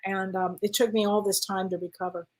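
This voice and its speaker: A woman's voice: medium pitch, fairly quick. A woman guest in casual chat, telling her story with lots of acted-out voices and laughter. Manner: animated storyteller, acts out voices, laughs often.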